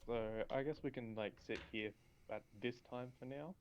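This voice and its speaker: A man's voice: mid-range voice, moderate pace, dull audio, slight background noise. A man running a tabletop game, explaining at length in a casual chat with many fillers. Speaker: game master.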